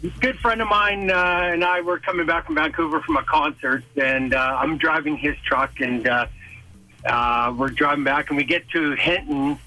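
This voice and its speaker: Bright, high-voiced male caller on a phone line. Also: moderate pace. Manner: rambling storyteller, acts out quotes. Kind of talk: phone-in anecdote.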